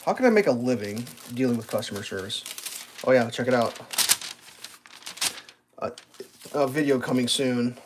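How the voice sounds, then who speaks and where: A man's voice: mid-range voice, lively intonation, normal speed, pauses often, background noise. A man livestreaming, telling a long exasperated story about customer service, swearing freely. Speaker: live streamer. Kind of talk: casual livestream rant.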